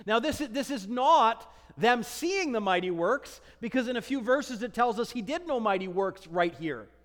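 A man preaching a sermon, animated and acting out the voices of people in scripture passages. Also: very high-pitched, normal speed, in a large hall. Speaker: pastor.

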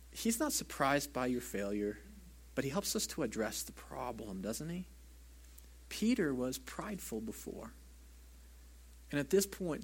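A man's voice: medium pitch, slightly rough. Earnest male pastor preaching. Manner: earnest, conversational preaching with soft, hushed stretches; asks the listeners "right?" often. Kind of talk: sermon.

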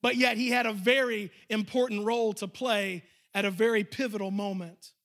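High-voiced bright male pastor preaching. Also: fairly even intonation, moderate pace. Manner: storytelling, emphatic, addressing the congregation. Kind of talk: sermon. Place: church.

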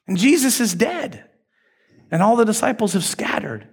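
A male pastor preaching a sermon, retelling a story in a lively, conversational way. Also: extremely high pitch, normal speed.

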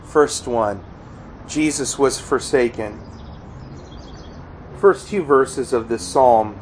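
Man, pastor, sermon, unhurried delivery, earnest, bursts of loud pleading. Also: mid-range voice, slight background noise, low-quality recording. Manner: earnest preaching, cries out quoted pleas loudly.

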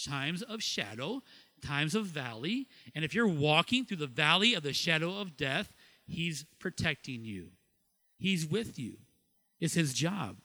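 A middle-aged man from Ohio preaching a sermon as pastor, lively, asking questions and laughing at himself. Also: a little high. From Ohio, USA.

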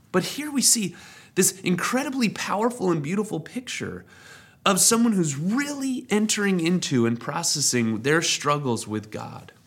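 A man preaching a sermon as lead pastor, conversational and animated, acting out quoted complaints with rising intensity. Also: high voice. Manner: conversational, personal asides.

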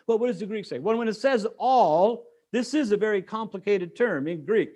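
A man's voice: high voice, lively intonation, fairly quick, hardly any pauses, a little mellow. A middle-aged man preaching a sermon as pastor, explaining scripture in a conversational way with joking asides to the congregation.

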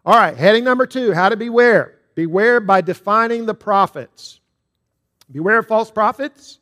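A man's voice: high-pitched, lively intonation, moderate pace, pushed and bright. A man, a pastor, preaching a sermon to his congregation, mixing scripture with a told joke.

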